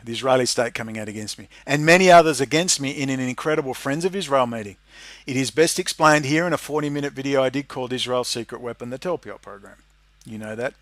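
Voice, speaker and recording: A man's voice: mid-range voice, a bit bright, no echo, clean studio sound. An Australian man delivering an emphatic, profane rant as a video commentator. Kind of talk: ranting monologue.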